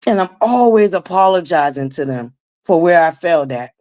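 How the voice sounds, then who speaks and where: A woman in her forties with a naturally raspy voice, hosting a casual live-stream commentary, blunt and profane, talking straight to her viewers. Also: on the low side, lively intonation, normal speed, darkish tone. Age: 40s. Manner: blunt, profane, emphatic, addresses viewers directly. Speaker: livestream commentary host.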